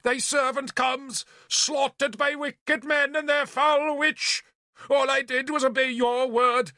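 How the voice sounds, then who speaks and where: Shrill bishop, hysterical, melodramatic, high pleading wail, dry close sound. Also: male voice, steady tone, slow pace, pushed and bright, no room sound, heavily acted. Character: shrill, hysterical, self-pitying old bishop.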